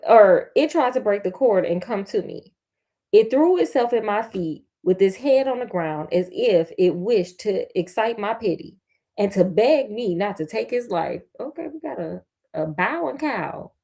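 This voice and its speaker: A woman's voice: medium pitch, lively intonation, measured pace, warm tone. A woman storyteller reading a fairy tale aloud and breaking off for sassy, slangy, playful asides. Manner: sassy, slangy, playful commentary between passages.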